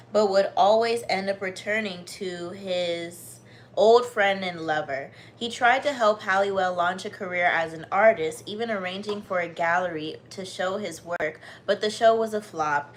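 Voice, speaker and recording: A woman's voice: mid-range voice, slight background noise. American woman reading a book aloud live. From United States. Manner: reads with steady emphasis, then breaks off into chatty, bubbly asides. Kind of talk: reading aloud to live viewers, with casual chat.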